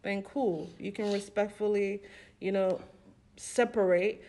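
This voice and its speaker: A woman on a podcast, telling personal stories in a casual, animated way and acting out what people said. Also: mid-range voice, unhurried. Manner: animated storytelling, acting out quoted voices with laughs. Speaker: podcast co-host.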